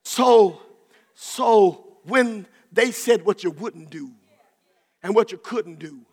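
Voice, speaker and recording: A man preaching a sermon, shouting and repeating phrases in rhythm, then dropping to soft asides. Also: sits high, slow pace, husky. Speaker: pastor. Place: church sanctuary. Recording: long reverb of a large church.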